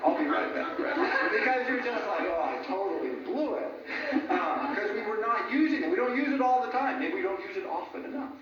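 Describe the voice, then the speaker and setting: A man giving an informal lecture, animated, laughing at his own jokes and often asking "right?". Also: extremely high pitch, fairly quick, over a noisy crowd. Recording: echoey room from a distant mic, dull sound.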